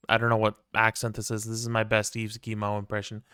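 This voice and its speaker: A man's voice: mid-range voice, brisk, hardly any pauses, a bit bright, smooth, no echo, clean studio sound. A man streaming a game, chatting casually and ranting with plenty of profanity and wry asides. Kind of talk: casual gameplay commentary.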